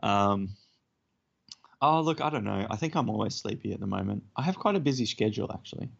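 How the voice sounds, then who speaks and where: Gravelly low-voiced man chatting casually. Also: animated, a little fast. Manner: chatty, self-deprecating storyteller. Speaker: podcast co-host. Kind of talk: casual chat. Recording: dull lo-fi podcast audio.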